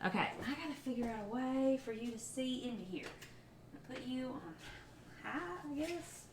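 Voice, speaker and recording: Woman, casual cooking stream host, giggly and rambling, somewhat high voice, heavy background noise. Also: expressive, moderate pace. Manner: chatty, giggly, rambling, talks to viewers while cooking. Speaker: cooking livestreamer. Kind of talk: casual cooking livestream chat. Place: home kitchen.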